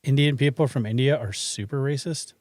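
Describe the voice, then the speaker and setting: A man's voice: medium pitch, a little fast, a little mellow, no echo, studio quality. A man from Iowa with a slight Midwestern accent, co-hosting a casual podcast chat and putting on silly accents for jokes. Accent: Midwestern hint. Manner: jokey, slips into mock accents for laughs. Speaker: podcast co-host.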